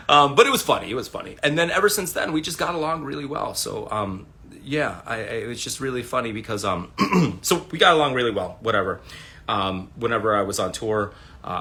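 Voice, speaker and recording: A man in his thirties tells loose, rambling stories to his livestream viewers from his room at home. His voice is bright and forceful, and it swings widely in pitch as he acts out quotes. He stumbles through restarts and fillers and swears casually. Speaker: livestream host.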